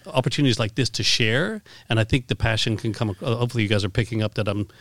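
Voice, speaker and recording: A man's voice: medium pitch, racing, fairly bright tone, no echo. Canadian guy on a podcast, super keen, talks in loops, dry sound. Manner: enthusiastic, rambling with restarts. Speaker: guest, keynote speaker. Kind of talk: podcast interview.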